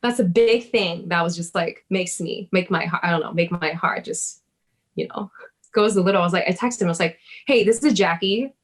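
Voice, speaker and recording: A woman telling a personal story in casual chat, lively, swearing and laughing, acting out her own past words. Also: on the low side, a little fast.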